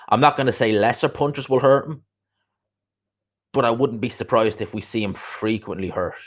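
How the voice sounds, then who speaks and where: A man chatting casually as a boxing show host, opinionated and repeating his points for emphasis. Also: on the low side. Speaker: boxing show host reading viewer comments. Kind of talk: casual livestream chat.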